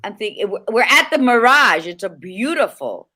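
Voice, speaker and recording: Bright-voiced woman chatting on a video call. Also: on the high side, moderate pace. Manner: animated storyteller, swears casually. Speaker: podcast co-host. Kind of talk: casual chat. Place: hotel room.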